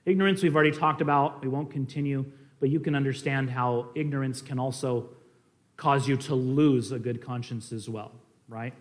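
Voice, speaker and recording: A man teaching in an earnest, conversational sermon style, swinging between emphatic stresses and quiet asides, with fillers and restarts. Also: medium pitch, normal speed. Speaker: preacher.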